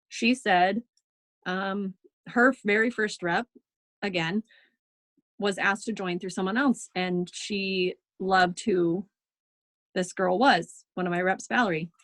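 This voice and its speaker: A woman's voice: mid-range voice, dry recording. A woman leading a team in a casual, chatty training talk over a video call, full of ums and reassurance. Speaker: team leader in direct sales.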